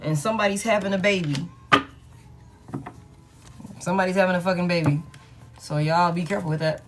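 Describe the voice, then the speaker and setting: A woman's voice: on the low side, steady tone, a little fast, music in the background. Candid, profane woman tarot reader. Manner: candid and profane, laughs often, talks straight to her viewers. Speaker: tarot reader hosting a live stream. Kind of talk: casual live-stream tarot chat.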